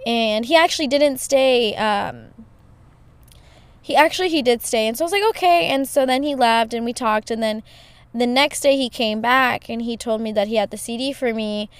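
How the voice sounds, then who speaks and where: A woman's voice: on the high side, moderate pace, clear, resonant tone, no room sound. A woman hosting a podcast, telling a story in a casual, chatty way with lots of "you know" fillers. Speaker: podcast host.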